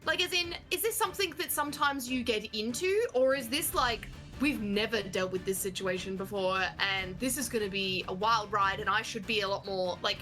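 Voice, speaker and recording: A woman's voice: mid-range voice, moderate pace, few pauses, bright, forceful tone, soft background music. A woman playing in a tabletop game, asking rambling, searching questions. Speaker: player. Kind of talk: casual tabletop game chat.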